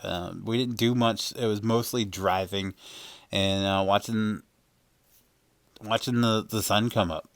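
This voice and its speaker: A man's voice: on the low side, steady tone, unhurried, fairly bright tone, no room sound. A man casually narrating a voice-over for his vlog, rambling with many fillers and laughing as he goes. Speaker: vlogger.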